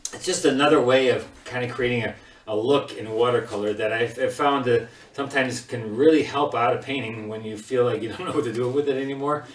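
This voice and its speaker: A man's voice: mid-range voice, slight background noise. Chatty man teaching watercolor, echoey room. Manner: chatty, laughs often, talks while working. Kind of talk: casual live paint-along demonstration. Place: home studio.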